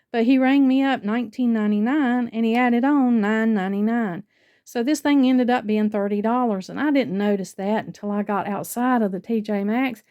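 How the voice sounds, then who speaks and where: A woman's voice: medium pitch, mellow. Chatty older woman telling a story. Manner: chatty, retelling a store encounter with quoted dialogue. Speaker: vlogger. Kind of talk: casual storytelling haul vlog.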